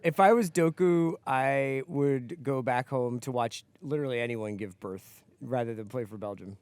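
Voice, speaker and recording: A man's voice: medium pitch, moderate pace, darkish tone, clear, resonant tone. A man co-hosting a comedy podcast, tossing in wry, sardonic quips. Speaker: co-host. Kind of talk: casual comedic podcast chat.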